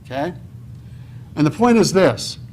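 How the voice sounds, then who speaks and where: A man speaks at a real estate conference hall in a sermon-like seminar style, posing questions to the crowd, supplying the answers himself and often tacking on "okay?" His fairly high voice is expressive, a little mellow and a little slow, with some hiss or hum in the recording.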